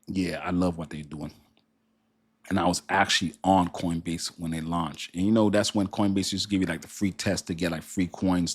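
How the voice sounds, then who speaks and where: A man's voice: sits low, dry recording. A man from Haiti with a Haitian accent, hosting a casual crypto livestream and chatting with viewers in a rambling way, often repeating words.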